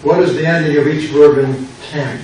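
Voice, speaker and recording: An older man, a pastor, slowly and patiently explaining grammar in a classroom lecture. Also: a little high, steady tone, darkish tone. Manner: slow, patient explaining with repetition. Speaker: pastor teaching a Greek class. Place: church classroom. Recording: echoey classroom from far off with background noise.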